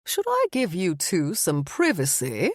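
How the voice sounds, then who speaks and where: A woman voicing a suave old male vampire pub owner with a British accent, polished and gently joking. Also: on the low side, wildly swooping pitch, unhurried, no echo, clean studio sound, heavily acted. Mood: teasing.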